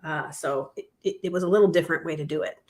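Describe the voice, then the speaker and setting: A woman's voice: sits low, quick pace, darkish tone. A woman co-hosting a talk show, discussing news in a conversational, earnest way and laughing easily. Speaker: podcast co-host. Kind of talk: casual discussion.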